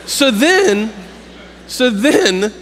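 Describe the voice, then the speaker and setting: Joking pastor in a reverberant hall. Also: male voice, very high-pitched, very animated, fairly bright tone, slight background noise. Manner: joking, storytelling, halting with fillers. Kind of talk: humorous preaching. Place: campus worship hall.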